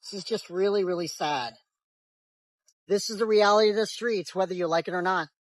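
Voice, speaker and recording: A man's voice: high voice, a little fast, no room sound, rough recording. A man delivering earnest, indignant commentary while filming on the streets. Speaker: street video creator. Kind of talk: filmed commentary.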